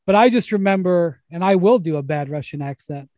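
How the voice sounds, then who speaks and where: A man's voice: sits high, animated, a little fast, darkish tone, dry recording, clean studio sound. A man hosting a casual sports chat, telling stories in a rambling way with many restarts and laughs. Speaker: podcast host.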